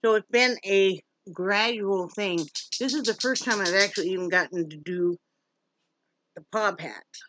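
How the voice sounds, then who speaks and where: A woman's voice: medium pitch, expressive, a little slow, fairly bright tone, dry recording. A chatty woman from Wyoming vlogging at home, switching between folksy talk to viewers and coaxing, sing-song baby talk to her dog. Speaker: vlogger, pet rescuer. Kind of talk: casual home vlog.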